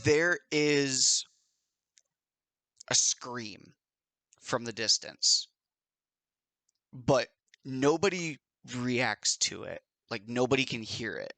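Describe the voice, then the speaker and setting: A man narrating a tabletop game as game master, in slow, lively storytelling with the odd shouted character line. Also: mid-range voice, creaky, dry recording.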